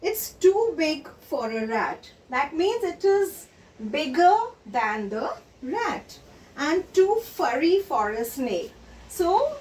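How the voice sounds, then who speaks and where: Her voice is high yet somewhat dark in tone as she patiently guides children through a story, slowly explaining what the words mean. She's captured from a distance in a room full of echo, with faint noise around her.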